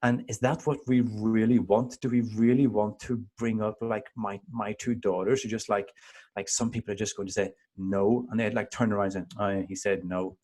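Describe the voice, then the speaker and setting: A man in his thirties, a father of two daughters, telling personal stories in casual conversation in an earnest, animated way. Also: fairly low pitch, normal speed.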